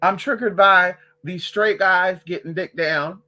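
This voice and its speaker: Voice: mid-range voice, measured pace, bright, forceful tone. A vlogger ranting casually to the camera, sassy and profane, who calls listeners girl and honey and hammers phrases by repeating them.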